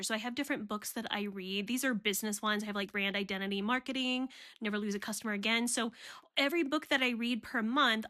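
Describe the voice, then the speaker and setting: Woman in her 40s vlogging, frank and chatty, kinda high voice, talks right to her viewers. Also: a bit bright. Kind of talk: candid personal vlog talk.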